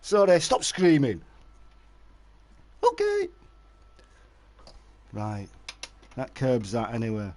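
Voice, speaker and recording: A man's voice: mid-range voice, huge pitch swings, takes it slowly, long pauses, darkish tone. A man streaming a fishing game live, chatting and joking with his viewers and answering their messages.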